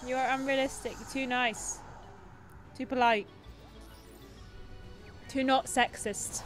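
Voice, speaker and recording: A young woman hosts a live gameplay stream, talking casually and playfully. Her voice sits a little on the high side. Faint game music plays behind her. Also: fairly even intonation, a little slow, pauses often, a bit bright. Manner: chatty and playful, teasing the game.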